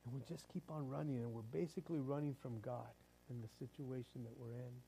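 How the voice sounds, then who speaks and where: Mellow-voiced pastor preaching casually. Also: male voice, medium pitch, steady tone, fast talker, vocal fry, a little hiss or hum, low-quality recording. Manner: conversational preaching, repeats words, chuckles. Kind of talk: sermon.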